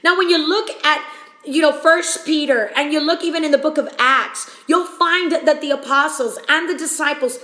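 Here the preacher's voice is high-pitched, bright and forceful, at a moderate pace, in an echoey room. She's teaching a sermon on a podcast, repeating each point for emphasis and playing out frantic questions.

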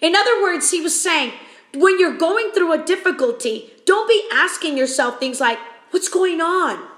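A woman's voice: very high-pitched, lively intonation, moderate pace, fairly bright tone, echoey room. A woman preaching a sermon on a podcast, stressing each point through repetition and acting out panicked questions. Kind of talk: sermon teaching.

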